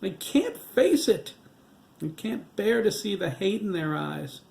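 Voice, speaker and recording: A man voicing a sharp-tongued, defiant widow in an audiobook, his delivery snapping and scornful. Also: medium pitch, fairly even intonation, moderate pace, reverberant, natural voice. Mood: sobbing. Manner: scornful, snapping, breaking into sobs.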